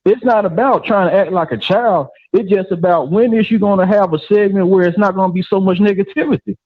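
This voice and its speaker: An irate caller with a Southern US accent, cursing and cutting across the host. His voice is high for a man. It comes through a dull, muffled line with no room sound. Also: a little fast, no room sound. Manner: angry, profane, talks over the host.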